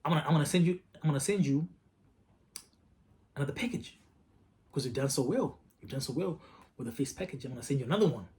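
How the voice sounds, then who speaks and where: A man voicing a cheerful boss with a Nigerian-British accent, speaking loudly and high in his register, heaping praise. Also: lively intonation, fast, pauses often. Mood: booming praise.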